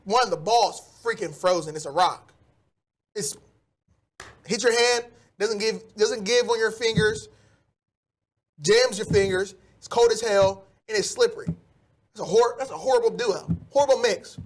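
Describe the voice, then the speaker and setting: A man hosting a solo sports podcast, ranting animatedly with loud outbursts. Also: high voice, a little slow, long pauses.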